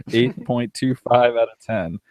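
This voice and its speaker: A young man co-hosts a loose, live podcast, reading listener mail with frequent laughter and the odd curse. His voice sits at a middle pitch, and the recording is dry and close. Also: slow, darkish tone, no room sound. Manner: laughs often, swears casually, reads emails aloud. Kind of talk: casual live podcast chat.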